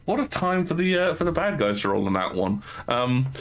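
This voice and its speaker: A man's voice: a little high, big pitch swings, fairly quick, a bit bright. A man running a tabletop game as game master, narrating the scene and wryly teasing the players about their dice. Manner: wry, teasing about bad dice rolls.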